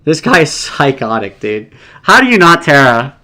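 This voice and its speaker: A man's voice: a little high, sing-song, moderate pace, pushed and bright. Man thinking aloud mid-match. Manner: thinking aloud, casual and rambling; swears often, exasperated. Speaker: competitive game player. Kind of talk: live gameplay commentary.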